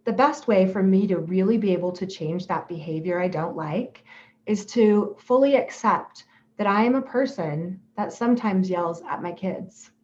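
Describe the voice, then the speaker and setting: Woman, self-help speaker, gentle, reflective, medium pitch, slightly muffled audio. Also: moderate pace, a little hiss or hum. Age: adult parent. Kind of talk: calm self-help talk.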